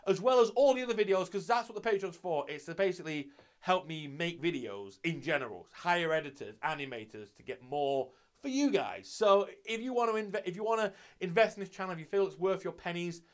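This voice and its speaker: A man's voice: sits high, expressive, a little fast. A young man hosting his channel, giving a loose, sweary, casual review of an anime episode with lots of restarts.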